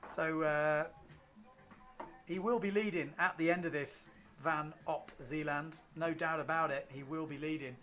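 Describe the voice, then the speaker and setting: A man with a fairly high voice talks viewers through a live race. His manner is loose and chatty, with plenty of fillers as he reads out placings. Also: fairly even intonation, unhurried, sharp tone, soft background music. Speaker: race commentator. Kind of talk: live sports commentary.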